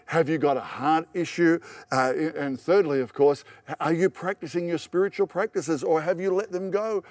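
Aussie pastor guy preaching, emotional testimony, kinda high voice, dry close sound. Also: a little mellow, no room sound. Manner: earnest personal testimony, emotional, repetitive restarts. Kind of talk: sermon.

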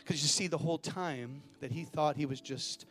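A man's voice: on the high side, moderate pace, a bit bright. A man preaching a sermon as a pastor, emphatic and calling out to the congregation in a church.

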